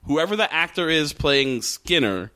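A man co-hosting a casual podcast, reviewing a TV episode in an animated, swearing way, with jumps into high voices for quotes. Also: a little slow. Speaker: podcast co-host. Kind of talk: casual chat reviewing a TV show.

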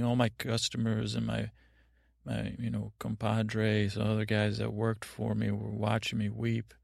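A man's voice: fairly low pitch, creaky, no room sound, clean studio sound. A man hosting a sleep podcast, telling a meandering, absurd bedtime story that keeps trailing off and restarting. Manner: meandering, absurd, self-interrupting. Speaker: podcast host.

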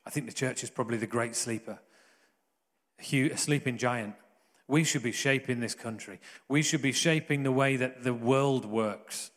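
Earnest preacher with hall reverb. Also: male voice, mid-range voice, normal speed. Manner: conversational, earnest, jokey asides. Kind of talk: sermon.

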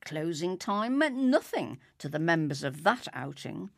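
A woman narrating a story in a lyrical, expressive reading. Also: fairly low pitch, measured pace, creaky, no echo, studio quality.

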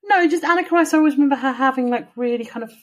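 A woman's voice: high-pitched, very fast, rough recording. A woman co-hosting a podcast in casual chat, teasing and sarcastic, with casual swearing. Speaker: podcast co-host.

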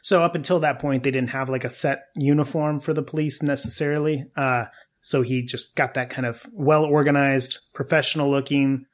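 A man's voice: mid-range voice, fairly even intonation, moderate pace. A man hosting a podcast, telling a history story casually with asides to his co-hosts.

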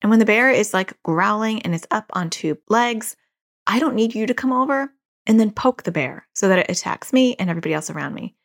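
A woman's voice: medium pitch, animated, a little fast. A woman in her forties hosting a podcast, giving casual parenting advice and repeating key phrases for emphasis. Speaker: podcast host and parenting coach.

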